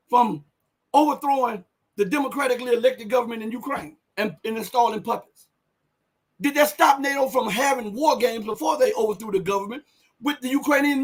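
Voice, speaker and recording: A man with a strikingly high, husky voice delivers live political commentary. He talks with fiery conviction, hammering home points with repetition and climbing almost to a shout when he presses hardest. The delivery is rhetorical and driven. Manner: impassioned, rhetorical, repeats phrases for emphasis; voice rises to near shouts on key points.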